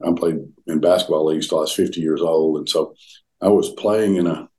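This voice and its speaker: A very deep-voiced older man with a Southern US drawl, speaking as an interview guest. He tells his story earnestly, often stopping to restart a phrase. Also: fairly even intonation, mellow. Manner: earnest, halting with frequent restarts. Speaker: guest, former pastor.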